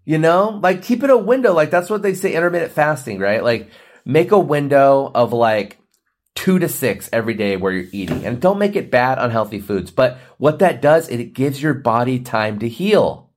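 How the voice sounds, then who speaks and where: A man's voice: mid-range voice, expressive, normal speed. A man around forty, hosting a podcast and ranting in a blunt, preachy, joking way. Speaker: podcast host. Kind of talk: ranting monologue.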